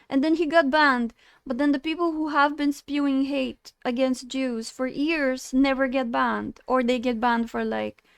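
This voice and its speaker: A woman's voice: sits high, vocal fry, clear, resonant tone, dry recording, studio quality. A woman streaming live, chatting casually and animatedly with her chat, often getting indignant and laughing.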